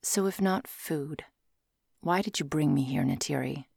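Woman voicing a wary captive man, flat sarcastic delivery, gravelly low voice. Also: measured pace, dry recording, clean studio sound, exaggerated voice. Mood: suspicious. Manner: flat, sharp-edged.

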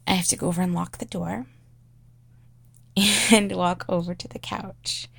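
A woman's voice: on the low side, vocal fry, slightly rough, dry recording. A woman creator chatting casually to her audience, hesitant, with many fillers and laughs. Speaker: audio creator. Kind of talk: casual chat.

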